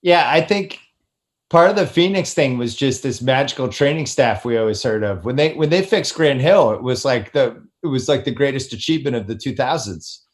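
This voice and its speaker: A man's voice: mid-range voice, animated, normal speed. A man hosting a casual sports podcast, teasing his guests and steering the talk. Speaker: podcast host.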